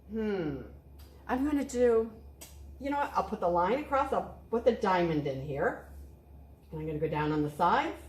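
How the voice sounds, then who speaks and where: A woman's voice: medium pitch, a little mellow. A woman art teacher leading a cheerful, step-by-step drawing lesson for children, encouraging them as she goes. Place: art studio. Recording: echoey room.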